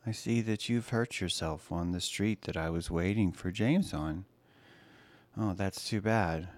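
A man voicing an obsessive, creepy female superfan who speaks in a slow, teasing, menacing way. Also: low-pitched, no room sound. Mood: sickly sweet.

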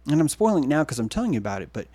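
A man hosting a livestream, talking in a meandering, excitable way that swings between loud bursts and hushed asides. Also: on the high side, very fast, dry recording. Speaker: livestream host. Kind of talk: rambling livestream monologue.

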